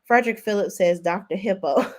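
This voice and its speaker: Sassy woman recapping reality TV. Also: brisk. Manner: sassy, expressive, big pitch swings; laughs often. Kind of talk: casual commentary with live chat.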